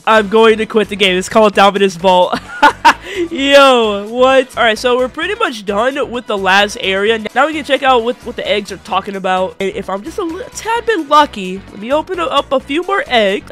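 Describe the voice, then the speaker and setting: High bright-voiced young gamer guy. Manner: excitable, shouts and laughs at big wins; casual slang, stammers and repeats himself. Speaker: gaming YouTuber. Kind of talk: excited gameplay commentary.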